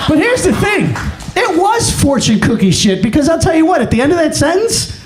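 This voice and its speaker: A man performs stand-up in a comedy club, his voice sitting fairly high. He tells his story in an animated way, acting out the dialogue and shouting the punchlines. The sound carries the echo of the room. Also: fairly quick, slight background noise.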